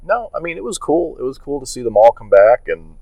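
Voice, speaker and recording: A man's voice: mid-range voice, very animated, a little fast, gravelly, no room sound, highs cut off. A man co-hosting a casual podcast, giving short, dry, laid-back replies. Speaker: podcast co-host. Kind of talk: casual chat.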